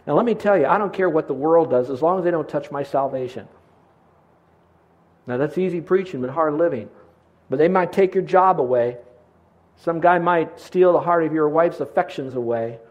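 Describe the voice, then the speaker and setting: Animated older male preacher, fairly high voice. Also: brisk, highs cut off. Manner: animated storytelling, swings from loud to hushed; repeats words when excited. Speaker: pastor. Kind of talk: sermon.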